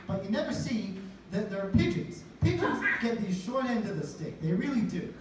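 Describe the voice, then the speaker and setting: A man's voice: high voice, very animated, normal speed. A young man doing a stand-up comedy set, with a hesitant, awkward delivery full of restarts. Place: comedy venue. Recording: echoey venue from far off, noisy.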